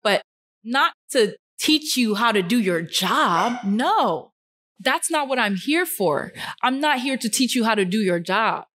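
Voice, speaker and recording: Earnest young woman vlogging from a couch. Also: a little slow. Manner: earnest, animated, rising pitch on emphasis, frequent fillers. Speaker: fashion model and vlogger. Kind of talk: casual talking-to-camera monologue. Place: indoors, seated on a couch.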